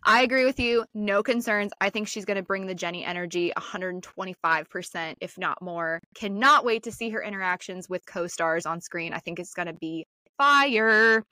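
Woman, American, bright forceful voice, bubbly fangirl podcast co-host, dry sound. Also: mid-range voice, moderate pace, hardly any pauses, dry recording. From United States. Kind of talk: casual chat.

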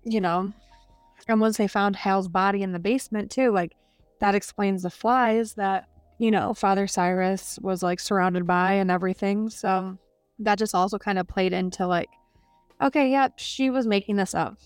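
Brief: woman podcast co-host, casual filler-heavy recap, mid-pitched voice, dry sound. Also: steady tone, moderate pace, clean tone, no echo, soft background music. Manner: chatty, heavy use of "like". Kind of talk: casual book review chat.

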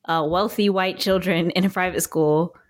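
A woman's voice: fairly low pitch, fairly even intonation, normal speed. A woman co-hosting a podcast, telling a story in casual chat and laughing often. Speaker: podcast co-host.

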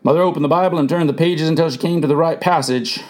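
A man's voice: a little high, fast talker, a little mellow. A man reading a first-person memoir aloud as the narrator, earnest in tone and lifting his voice for quoted speech.

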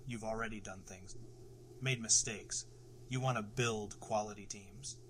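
A middle-aged man with a fairly low voice delivers a motivational podcast monologue. He is emphatic, swears for emphasis and keeps checking in with a rhetorical "right?". A faint hiss sits under the recording. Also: steady tone, measured pace, fairly bright tone. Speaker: podcast host.

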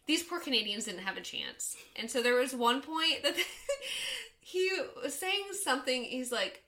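A woman's voice: on the high side, lively intonation, moderate pace, bright, forceful tone. A woman in her thirties co-hosting a podcast, telling rambling stories with frequent laughter. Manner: rambling storyteller, laughs often. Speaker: podcast co-host. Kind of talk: casual chat.

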